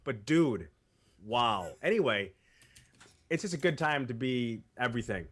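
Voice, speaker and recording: A man's voice: medium pitch, lively intonation, a little slow, fairly bright tone. A man from Massachusetts, hosting a gaming podcast in a laid-back chat, saying man and dude a lot. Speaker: podcast host. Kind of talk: casual chat.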